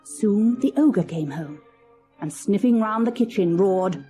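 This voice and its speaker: Expressive woman reading a fairy tale. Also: medium pitch, a little slow, soft background music. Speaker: narrator. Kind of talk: storybook narration.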